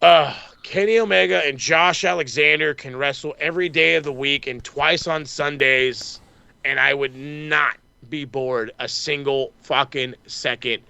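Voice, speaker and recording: Here a podcast co-host rants about wrestling, speaking quickly, swearing all the time and imitating other people with mocking quotes. He has a fairly high, gravelly voice that's bright and forceful, captured cleanly with no echo.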